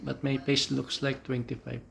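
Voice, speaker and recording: A man, a father chatting gently with his daughter and chuckling often as he films. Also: medium pitch, flat delivery, normal speed, creaky, slight background noise. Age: 50s. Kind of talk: casual family chat.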